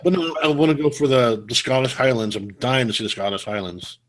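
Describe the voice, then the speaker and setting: A man's voice: mid-range voice, brisk, fairly bright tone. Easygoing man co-hosting a chat. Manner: short, easygoing replies. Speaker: podcast co-host. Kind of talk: casual banter.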